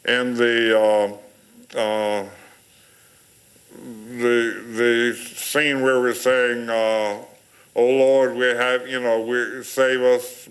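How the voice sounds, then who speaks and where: An older man telling rambling stories, chuckling and pausing with fillers as a panel guest. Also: lowish voice, a bit bright, poor audio. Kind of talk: casual storytelling.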